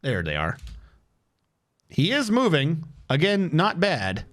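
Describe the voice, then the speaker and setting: A man's voice: fairly high pitch, huge pitch swings, slow pace, fairly bright tone. A man streaming a strategy game, chatting casually and reading in-game text aloud with wry, sarcastic asides. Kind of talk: casual gameplay commentary.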